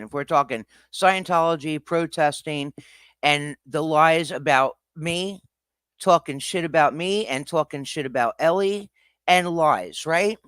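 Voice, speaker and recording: A man's voice: fairly high pitch, measured pace, a bit bright, clean tone, no room sound, studio quality. A man hosting a livestream, confronting people in a heated, profane rant. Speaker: livestream host.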